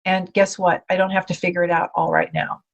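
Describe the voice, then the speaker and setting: A woman speaking as a podcast guest, telling faith stories in lively conversation and acting out the voices she quotes. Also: lowish voice, a little fast, creaky, lo-fi sound. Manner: animated storyteller, acts out quoted voices.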